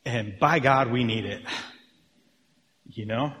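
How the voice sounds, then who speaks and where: A man preaching a sermon with lively energy, often acting out his listeners' reactions. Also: mid-range voice, slow pace, big-room sound. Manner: animated, acts out reactions of listeners. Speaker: pastor.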